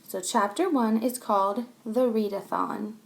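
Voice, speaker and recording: Expressive woman reading aloud slowly. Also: mid-range voice. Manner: expressive, clear storytelling. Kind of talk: children's book read-aloud.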